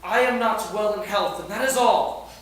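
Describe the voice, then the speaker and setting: A troubled noble Roman, measured and subdued in his verse, as an actor plays him at middle pitch. The room around the stage echoes heavily. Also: a bit bright, close to an everyday voice. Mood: weary. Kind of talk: amateur stage Shakespeare.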